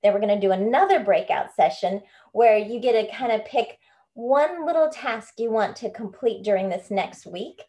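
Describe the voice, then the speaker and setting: This book club leader and home coach talks at a normal speed in a mellow, mid-range voice. She's hosting the group casually over video, chatty and bubbly with frequent laughter.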